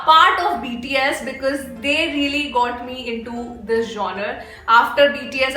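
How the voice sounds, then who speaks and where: A young woman from India hosting a K-pop reaction video, gushing and excitable, repeating herself and bursting into squeals. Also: on the high side, reverberant.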